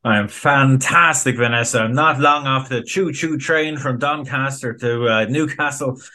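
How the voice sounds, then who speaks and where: A man talks in a playful, boastful way on a podcast in casual chat. His voice is bright and forceful. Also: medium pitch, normal speed. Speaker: podcast pundit.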